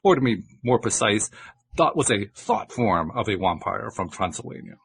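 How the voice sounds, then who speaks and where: A man's voice: on the low side, big pitch swings, moderate pace, slight background noise. A man reading a book aloud and voicing a patient male spiritual teacher who explains things. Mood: playful.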